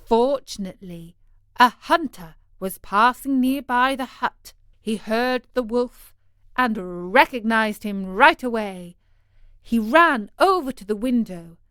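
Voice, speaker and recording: A woman reading a fairy tale aloud as scripted storybook narration, slow and clear. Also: a little high, expressive, a bit bright, no echo, studio quality.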